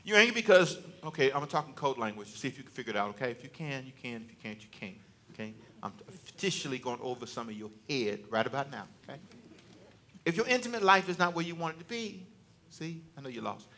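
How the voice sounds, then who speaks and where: A man's voice: medium pitch, animated, quick pace, a bit bright, slight background noise. A male preacher giving a conversational, joking sermon to a church congregation, teasing and talking directly to them.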